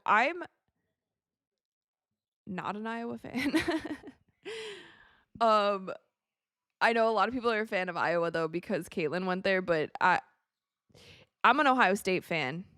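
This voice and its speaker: Young woman, american, casual stream host, excitable reactions, dry sound. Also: mid-range voice, unhurried, long pauses, clear, resonant tone, dry recording. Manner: chatty, excitable, reads viewer messages aloud. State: tired, yawning. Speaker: streamer hosting a watch party. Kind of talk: casual live-stream chat and game reactions.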